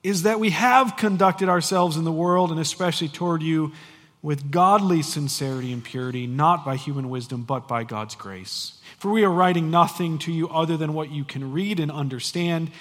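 Man, forties, pastor, sermon, high voice, emphatic and conversational, long hall reverb. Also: normal speed, hardly any pauses. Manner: animated, emphatic preaching with conversational asides.

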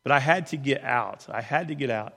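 A man's voice: medium pitch, brisk, creaky, a bit bright. Earnest man telling a story in a reverberant hall. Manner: earnest, conversational, with many restarts. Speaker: speaker telling a personal story. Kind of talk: storytelling in a talk.

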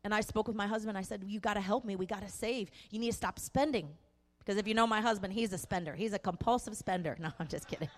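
Her medium-pitched voice moves fast through an impassioned sermon testimony. This young woman pastor sounds earnest and emphatic, leaning on repeated phrases, and the recording has a hall echo.

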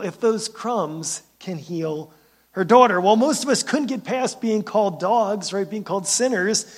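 A man's voice: sits high, breathy edge. A man preaching a sermon as pastor, talking conversationally, often checking in with "right?" and repeating words as he starts sentences. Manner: conversational preaching with frequent "right?" tag questions.

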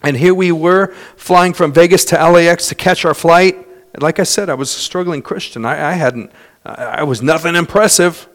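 A man preaching a sermon as pastor, swinging between loud, fast passages and soft, slow ones, and telling stories in others' voices. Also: fairly high pitch. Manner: dynamic preaching with wide swings in loudness and pace; storytelling with imitated voices of others.

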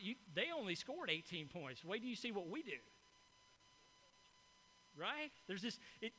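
A man's voice: sits high, bright, forceful tone, slight background noise, poor audio. A middle-aged man preaching a sermon to a congregation, in a conversational, storytelling manner with frequent "right?" asides. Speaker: pastor. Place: church hall before a congregation.

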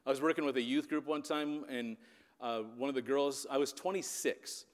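A man's voice: mid-range voice, steady tone, normal speed. A man in his fifties from the Upper Midwest of the US, telling a story in a sermon and often checking in with his listeners. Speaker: preacher and youth leader. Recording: long reverb of a large hall.

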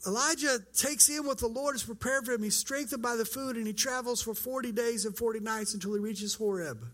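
A man's voice: very high-pitched, a little fast, a bit bright. A man preaching a sermon as pastor, earnest and conversational, acting out quoted lines.

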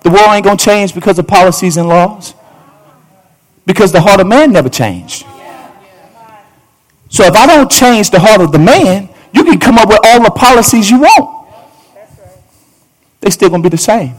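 A man's voice: sits high, animated, moderate pace, long pauses. A male pastor preaching a fervent sermon in a church, repeating phrases and talking straight to the congregation. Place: church sanctuary.

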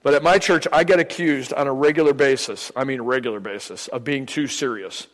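A man's voice: medium pitch, brisk. Older man preaching in a reverberant church. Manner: humorous, conversational preaching with acted-out anecdotes. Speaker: visiting preacher. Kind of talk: sermon. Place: church sanctuary.

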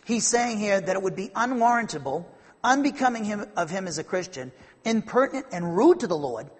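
A man's voice: high-pitched, very animated, a little fast, husky, long reverb tail. A man preaching a conversational Bible-teaching sermon, rambling and repeating himself, then building to emphatic fervor.

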